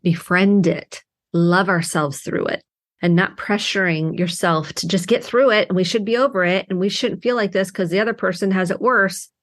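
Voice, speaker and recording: Earnest, low-voiced woman therapist podcaster. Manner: earnest, heartfelt, emphatic in bursts. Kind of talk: reflective solo podcast monologue.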